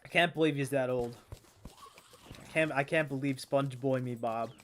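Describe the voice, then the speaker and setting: This male gaming streamer has a mid-range, slightly bright voice and speaks at a moderate pace, with slight background noise. In casual gameplay commentary he rambles and stammers, makes jokes at his own expense, and swears often.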